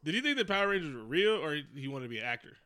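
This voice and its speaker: A man co-hosting a podcast, talking casually and profanely about a movie, animated and laughing often. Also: a little high, rapid-fire. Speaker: podcast co-host. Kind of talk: casual movie review chat.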